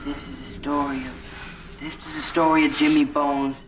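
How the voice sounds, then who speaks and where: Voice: medium pitch, level tone, normal speed, close to an everyday voice. An actor playing a boastful character in a horror film, announcing a story with flair. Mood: showy. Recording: film clip, distant with background noise.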